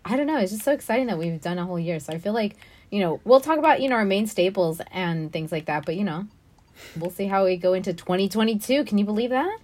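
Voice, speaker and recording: Podcast co-host, woman, laughs easily, very lively pitch. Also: quick pace. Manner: giggly, animated banter. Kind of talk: casual chat.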